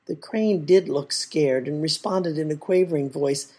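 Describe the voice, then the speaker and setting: A woman reading a folk tale aloud in a measured, expressive way. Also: deep voice, husky. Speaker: storyteller.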